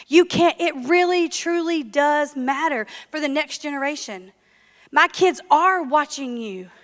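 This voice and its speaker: A woman preaching a sermon, telling the story in a lively way with joking asides. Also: high-pitched. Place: church sanctuary. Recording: long hall reverb.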